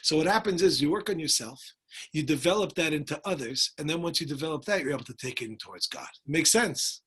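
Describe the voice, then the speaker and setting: A man teaching a Torah class as a rabbi, animated and acting out voices, with Spanish words dropped in. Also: a little high, fast talker, husky.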